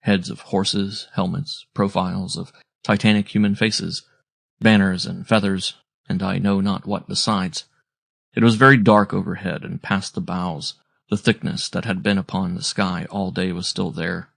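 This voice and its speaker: A man narrating a classic sea story aloud in a measured, descriptive storytelling manner. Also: low-pitched, flat delivery, creaky, fairly bright tone, no echo, studio quality. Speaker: audiobook narrator.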